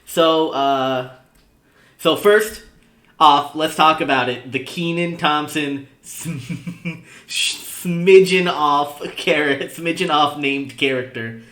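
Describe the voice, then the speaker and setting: Bright-voiced young man chatting, echoey room. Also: fairly high pitch. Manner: chatty, laughs often, halting restarts. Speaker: podcast co-host. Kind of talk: casual chat.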